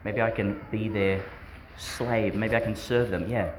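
Man, priest, homily to kids, fairly low voice, chatty, quizzing, faint room noise. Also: fairly even intonation, a little slow. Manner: chatty, asks questions, laughs often. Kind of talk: homily to schoolchildren. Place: school church service.

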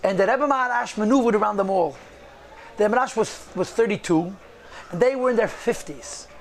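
Male storyteller, high gravelly voice, animated delivery mixing in Yiddish phrases. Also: fairly quick, a little hiss or hum. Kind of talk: storytelling talk.

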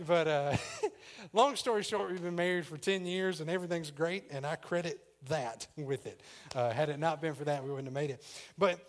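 A man preaches in a church, his voice sitting slightly high for a man. He talks to the congregation in a loose, chatty way, often laughing at his own story. Then he leans into the sermon's point. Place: church sanctuary.

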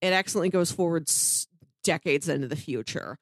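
A woman's voice: a little fast, no echo. A woman co-hosting a podcast, chatting casually and animatedly, laughing often. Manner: animated, laughs often, wide pitch swings. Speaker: podcast co-host. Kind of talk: casual discussion.

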